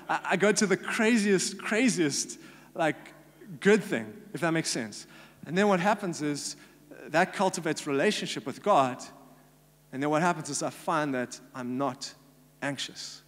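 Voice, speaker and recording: A man's voice: fairly high pitch, animated, moderate pace. South African man preaching in a hall. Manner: earnest, conversational preaching with fillers. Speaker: pastor. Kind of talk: sermon. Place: church hall. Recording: live church hall with long reverb and faint hum.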